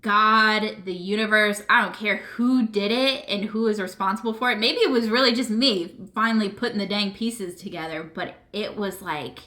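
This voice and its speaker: A woman's voice: mid-range voice, moderate pace, hardly any pauses, sharp tone, reverberant. A woman vlogging emotionally, teary and earnest, rambling with lots of fillers as she talks to her viewers. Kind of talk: emotional personal vlog. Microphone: camera mic.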